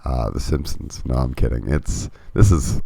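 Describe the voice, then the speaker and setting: Male podcast co-host, extremely deep voice, relaxed wry chat, dry close sound. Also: normal speed, vocal fry, slightly rough, no echo. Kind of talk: casual chat.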